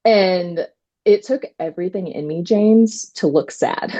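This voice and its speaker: A woman attorney telling stories in a casual interview, animated, quoting herself and using many fillers. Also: fairly low pitch, slow. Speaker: trademark attorney guest.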